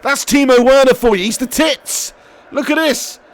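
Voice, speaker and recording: Casting note: young man, fairly high voice, excitable streamer with cheeky football banter. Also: normal speed. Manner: excitable, swears freely, shouts at goals. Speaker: streamer playing a football career mode. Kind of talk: live gaming commentary and chat reading.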